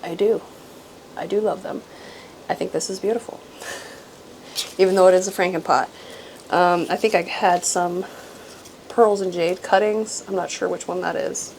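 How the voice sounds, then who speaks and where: A woman's voice: lowish voice, steady tone, moderate pace, pauses often, darkish tone, rough recording. Woman rambling about her plants, laughs a lot, lotsa ums, bit of faint hiss behind. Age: adult with grown daughter. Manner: chatty, self-deprecating, laughs often, many ums. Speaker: houseplant channel host. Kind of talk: casual show-and-tell vlog.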